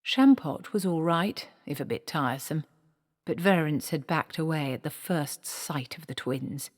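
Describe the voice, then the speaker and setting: A woman's voice: sits low, expressive, a little slow. Woman narrating a story in a reverberant hall. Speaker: audiobook narrator.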